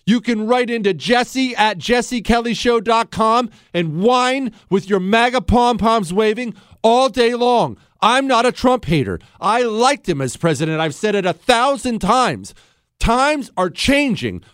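Combative high-voiced talk show host. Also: male voice, lively intonation, unhurried, fairly bright tone, no room sound, clean studio sound. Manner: combative, sarcastic, acts out imagined dialogue. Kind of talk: opinion monologue.

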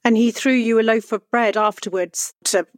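A woman interviewer who asks warm, emotionally open questions. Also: on the high side, fairly even intonation, moderate pace, no echo. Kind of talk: podcast interview.

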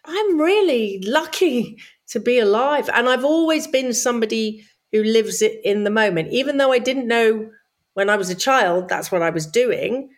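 A middle-aged woman chatting in an interview, an animated storyteller who acts out quoted voices in a high sing-song. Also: normal speed. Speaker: guest. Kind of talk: casual interview chat.

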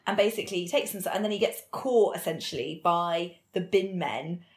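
A woman's voice: fairly low pitch, normal speed. A woman co-hosting a podcast, retelling a TV episode in a chatty, filler-heavy way. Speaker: podcast co-host. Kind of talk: casual chat recapping a TV episode. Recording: echoey room.

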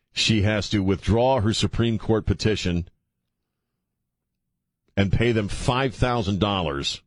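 Older male talk radio host, very deep voice, dry studio sound, self-mocking jokes, halting delivery. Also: dry recording. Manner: joking and self-mocking, halting with many fillers when reading stories. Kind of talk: casual talk radio banter and news commentary. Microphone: studio microphone.

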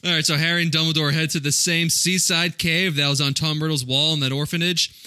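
A man's voice: a little high, fairly even intonation, bright, forceful tone. A man co-hosting a podcast, recapping the story in casual chat, laughing often. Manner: laughing, recaps plot in quick bursts.

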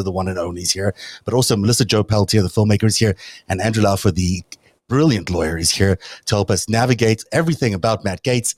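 A man's voice: lowish voice, dry recording. A man hosting a political talk show, chatting and joking with his panel as he leads the conversation. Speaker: podcast host.

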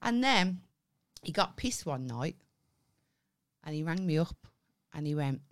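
In an unhurried, deep voice, a podcast co-host recounts a story during a relaxed chat. The telling is animated and heavy on profanity, with quoted dialogue acted out.

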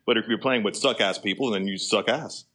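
Casting: male co-host, slight Philly accent, bright, forward voice, talkative and playful, quick to jump in. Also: fairly low pitch. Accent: slight Philadelphia. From Philadelphia. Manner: chatty, joking, quick to jump in. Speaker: podcast co-host. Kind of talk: casual podcast chat.

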